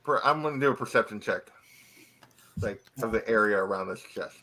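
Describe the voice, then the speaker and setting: A man's voice: on the low side, brisk, pushed and bright. A man taking part as a player in a tabletop game, chatty and often laughing. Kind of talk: casual tabletop game chat.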